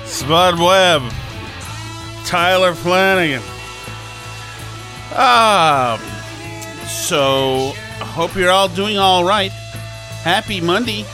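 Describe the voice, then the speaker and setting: A man's voice: high-pitched, lively intonation, drawn-out words, long pauses, pushed and bright, faint music behind. A man hosting a talk show, chatting casually in a sarcastic, ranting way. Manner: sarcastic, ranting, mock quotes. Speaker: radio show host. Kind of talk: casual comedic chat.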